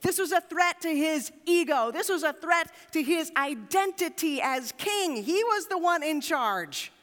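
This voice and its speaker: A woman pastor giving a sermon in a church, reading scripture and telling stories with expressive, dramatic delivery. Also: very high voice, a little slow, big-room sound.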